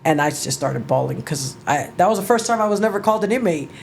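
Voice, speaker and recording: A middle-aged woman with a fairly low voice, telling her own story as an interview guest. She talks in a halting, emotional way, restarting sentences and swearing casually. Faint noise sits under her voice. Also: animated, vocal fry, darkish tone. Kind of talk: personal storytelling.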